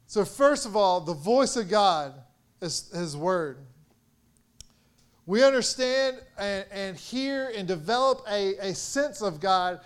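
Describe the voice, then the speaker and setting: A man's voice: high-pitched, animated, takes it slowly, clean tone. A young man preaching a sermon as pastor, earnest and rising in force on key points.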